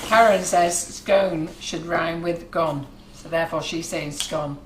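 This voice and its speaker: A woman's voice: fairly low pitch, steady tone, measured pace, background noise. A woman co-hosting a live cooking show, reading out viewer comments in a chatty way. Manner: chatty, reads out comments conversationally. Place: shop's demo kitchen. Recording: echoey kitchen with clattering dishes.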